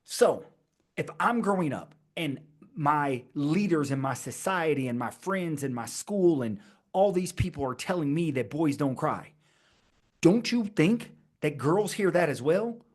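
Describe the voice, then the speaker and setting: A man hosting his own podcast, talking alone in a rhetorical style with slow, emphatic repeated phrases. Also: on the high side, expressive, darkish tone. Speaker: podcast host. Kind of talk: scripted-sounding solo podcast monologue.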